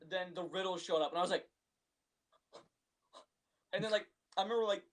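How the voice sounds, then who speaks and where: High-voiced, animated young man. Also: moderate pace. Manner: animated storyteller, acts out scenes in excited voices. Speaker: podcast co-host. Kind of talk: casual chat.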